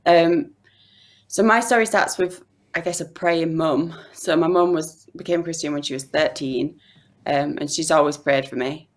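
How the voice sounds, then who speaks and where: A woman's voice: low voice, fairly even intonation, normal speed. A woman in her thirties with a strong Yorkshire accent, chatting as a podcast guest over a video call and laughing often. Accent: Yorkshire English. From Yorkshire, England. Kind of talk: casual video-call chat.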